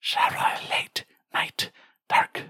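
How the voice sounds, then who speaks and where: A man voicing a simple-minded enchanted butter knife in a whispered role-play, breathy and speaking in short broken phrases. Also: slow, bright, forceful tone, dry recording, clean studio sound. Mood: eerie.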